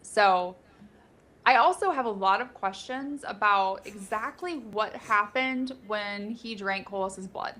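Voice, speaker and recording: A woman's voice: medium pitch, takes it slowly, pushed and bright. A woman co-hosting a casual live book discussion, speculating in a chatty way with many fillers.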